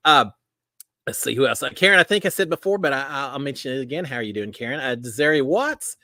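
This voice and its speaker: A middle-aged Texan with a Texas drawl hosts a live stream, chatting casually with viewers. His mid-range voice is fast, the recording is dry, and he's folksy and animated, offering warm greetings packed with fillers.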